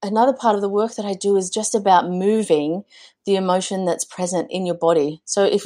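A woman's voice: mid-range voice, warm tone. A woman, a guest talking earnestly about motherhood in a podcast interview, with frequent restarts. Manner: earnest, many restarts and fillers. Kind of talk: conversational interview.

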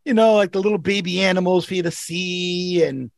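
Brief: man, podcast co-host, high raspy voice, laughs and stumbles through stories. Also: fairly even intonation, fairly quick, dry recording. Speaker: co-host, rideshare driver. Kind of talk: casual chat, storytelling.

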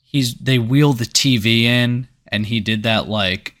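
A man's voice: mid-range voice, a little slow, a bit bright. A man co-hosting a movie review podcast, chatting casually with sarcastic, profane remarks. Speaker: podcast co-host.

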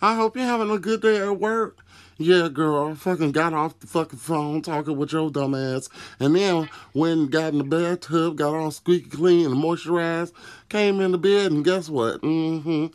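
A man's voice: fairly high pitch, fairly even intonation, moderate pace, clean tone. A man leaving a voice message full of profane, sing-song greetings.

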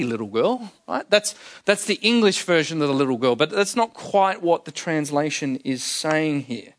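A man's voice: fairly high pitch, a bit bright. A man preaching a sermon, explaining scripture in a conversational way and repeating key phrases for emphasis.

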